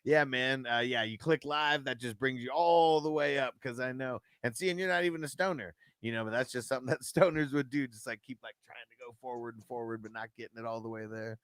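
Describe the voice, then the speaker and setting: Male livestream host, mid-pitched, laid-back and profane, dry close sound. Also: brisk, few pauses, fairly bright tone, clear, resonant tone, dry recording. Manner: laid-back, swears freely, says "man" and "dude" a lot. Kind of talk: casual chat.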